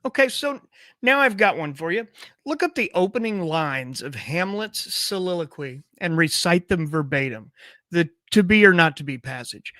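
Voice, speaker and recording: A man hosting a live show, with a voice a touch higher than most men's. He talks in a casual, playful way, often trips into restarts, and sounds close and dry. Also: lively intonation, normal speed, pushed and bright, no room sound. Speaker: show host.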